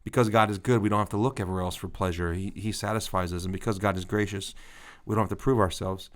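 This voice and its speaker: Fast and steady in tone, his voice sits low. The speaker is a thirty-something co-host of a ministry podcast, telling a story in casual conversation and often laughing at himself.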